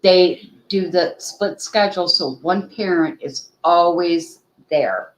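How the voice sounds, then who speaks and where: A woman with a low-leaning voice chats slowly and casually through earbuds as a livestream co-host at home, laughing and scolding a playful puppy. The sound is roomy and low quality.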